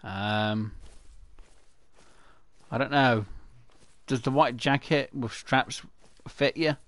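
A man's voice: medium pitch, takes it slowly, a bit bright, dry recording. A man chatting to himself over gameplay, rambling and answering his own questions in silly voices. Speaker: gaming channel host. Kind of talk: casual gameplay commentary.

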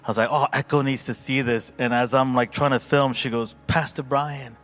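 A man's voice: medium pitch, fairly even intonation, brisk, a bit bright, faint music behind. A man pastor speaking informally at a church service, telling a heartfelt story with many fillers and restarts. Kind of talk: informal church testimony and reflection.

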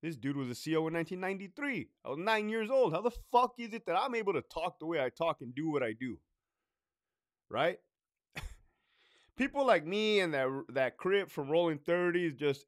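A man's voice: a little high, very animated, moderate pace, a bit bright, dry recording, studio quality. A man in his thirties, a former prison lieutenant, ranting in a profane storytime style and laughing between points. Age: 30s.

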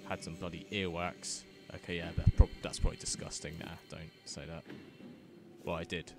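A man's voice: sits low, level tone, moderate pace, loud music behind the voice. Flustered young man gaming commentary. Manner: flustered, self-mocking, swears under his breath, sudden loud outbursts. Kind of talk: let's-play commentary.

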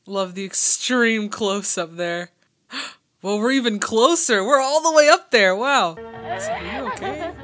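A young woman hosting a casual movie reaction, gushing and excitable with slangy remarks. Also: on the high side, a little slow, soft background music.

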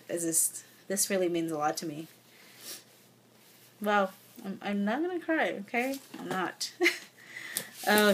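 A woman's voice: fairly low pitch, slight background noise. A young woman vlogging as she unboxes a gift package, gushing and effusive, often close to tears. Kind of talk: casual unboxing vlog. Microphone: phone or camera mic.

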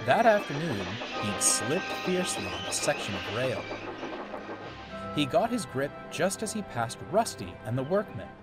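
A man narrating a storybook tale in a slow, measured way. His pitch moves up and down with lively shaping. Loud music plays under him throughout.

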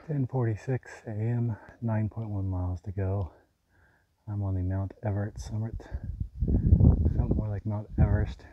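A man talks through his hiking day in a loose, self-mocking vlog, with dry jokes between updates. His voice sits a little low. Steady noise runs under the outdoor recording. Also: normal speed, lo-fi sound. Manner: wry, self-mocking running commentary. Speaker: long-distance hiker vlogging. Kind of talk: casual trail vlog.

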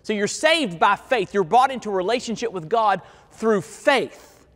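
A male pastor preaching a sermon in a church, stressing key words and stretching them out slowly. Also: sits high, lively intonation, a bit bright. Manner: emphatic preaching with slow, drawn-out key words. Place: church sanctuary. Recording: long hall reverb.

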